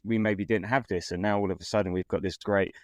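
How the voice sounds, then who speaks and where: A man's voice: sits low, steady tone, fast talker, no echo, studio quality. Laughing middle-aged man co-hosting. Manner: warm, laughing, hesitant restarts. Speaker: podcast co-host. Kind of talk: casual fan podcast chat.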